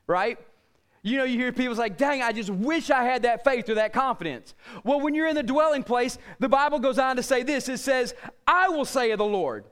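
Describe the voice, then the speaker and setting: A middle-aged man preaches with fervent energy, his voice sitting very high for a man. His tone is smooth and clear, and he swings from shouted emphasis to low, quiet appeals. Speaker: pastor. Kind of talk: sermon.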